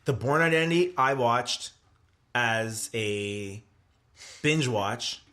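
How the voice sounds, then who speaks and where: A man's voice: medium pitch, lively intonation, slow pace, bright, forceful tone. A man co-hosting a podcast, chatting casually and pressing his arguments. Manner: argumentative, repeats his point. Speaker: podcast co-host. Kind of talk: casual chat.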